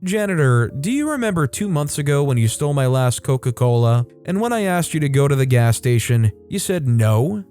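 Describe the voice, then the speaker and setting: A man voicing a loud, petty immigrant father who speaks calmly and smugly, in a storytime narration. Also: on the high side, normal speed, few pauses, faint music behind, lightly acted. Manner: calm, smug.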